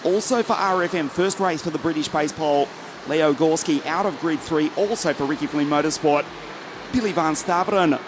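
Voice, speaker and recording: A man's voice: fairly high pitch, moderate pace, noisy background. A man commentating live on a karting race from the commentary box, reeling off drivers and teams and joking with his co-commentator. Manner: lively, joking banter between race calls.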